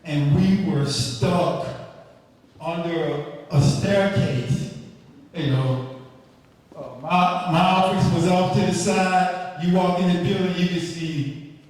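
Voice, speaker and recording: Older man, business owner, slow folksy delivery, higher voice, echoey hall, far from the mic. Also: steady tone, darkish tone. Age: 60s. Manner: slow folksy storytelling, joking with the crowd. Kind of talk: casual speech at an event. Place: large event hall.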